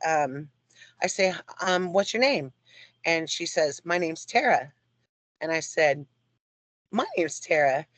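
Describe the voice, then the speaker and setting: A woman's voice: deep voice, dry recording. Talkative woman telling a story, dry sound. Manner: talkative, animated, laughing often. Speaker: guest. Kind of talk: storytelling chat.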